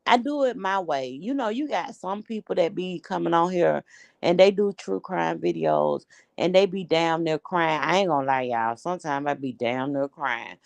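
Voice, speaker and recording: A woman's voice: lowish voice, animated, normal speed, vocal fry, no room sound. A woman hosting a casual group chat, blunt and slangy, laughing often. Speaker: host.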